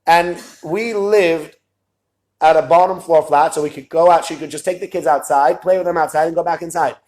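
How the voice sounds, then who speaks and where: Man telling a story, fairly high voice. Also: moderate pace. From lives in Israel. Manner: animated, quotes others in lowered voices. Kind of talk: casual storytelling talk.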